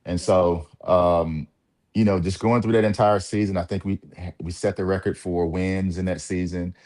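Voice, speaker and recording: A man from Mississippi with a very low voice talks through his college basketball days as an interview guest. He is relaxed and reflective, leaning on fillers and small laughs. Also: normal speed. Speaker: former college point guard, guest. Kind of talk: casual interview talk.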